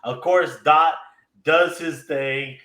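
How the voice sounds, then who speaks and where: A man's voice: a little high, steady tone, slow, sharp tone, reverberant. A man casually recapping an anime episode, retelling scenes with laughs and little acted-out quotes. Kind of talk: casual chat.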